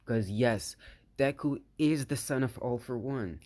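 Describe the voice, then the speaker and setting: A man narrates a made-up fan story at an unhurried, slow pace, his voice sitting in a middle pitch. He stumbles and restarts often, padding his sentences with filler words as he goes. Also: a little mellow. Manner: halting, full of "you know" fillers; slow, hesitant delivery.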